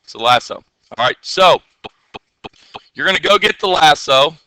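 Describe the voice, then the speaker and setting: A man teaching a classroom software lesson, chatty and playful, often checking the class with questions. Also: a little high, lively intonation, moderate pace, dry recording.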